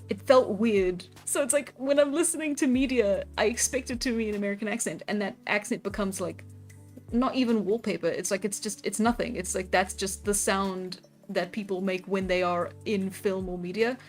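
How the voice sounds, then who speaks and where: With faint background music behind her, a woman who streams her art talks casually with viewers as she draws. She giggles a lot and responds to chat, speaking at a moderate pace with a medium pitch.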